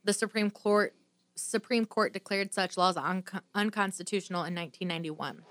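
A woman's voice: medium pitch, fairly quick, fairly bright tone, no room sound. A woman co-hosting a podcast, reading her true-crime notes in a casual way with restarts and sassy asides. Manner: reads notes with restarts, mimics others with sassy voices. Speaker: podcast co-host.

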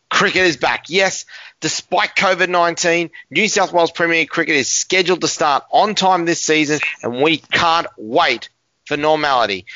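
An Australian man hosting a community radio sports podcast, speaking in an energetic announcer-like way. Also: a little high, dry recording, dull audio.

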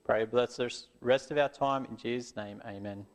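A man telling a Bible story to children and closing in prayer, gentle and earnest. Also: mid-range voice, fairly even intonation, normal speed, very noisy.

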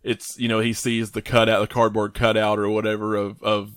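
A man co-hosting a casual movie chat, enthusiastic and quick to quote favorite lines in put-on voices. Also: lowish voice, completely flat delivery, clear, resonant tone, no echo. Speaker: podcast co-host.

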